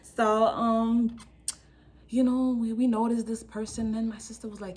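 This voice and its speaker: A young woman with a fairly high voice tells a casual storytime vlog to her camera. She talks in slang with lots of energy and acts out what people said with sudden jumps in her voice, laughing along the way. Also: fairly even intonation, normal speed, a little mellow. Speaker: vlogger.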